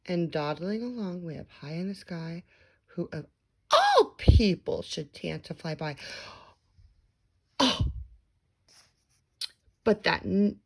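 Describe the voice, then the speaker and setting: A woman reads a bedtime storybook aloud with dramatic, expressive flair. She takes her time, and her voice has a gravelly, creaky texture. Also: fairly low pitch, slow, long pauses.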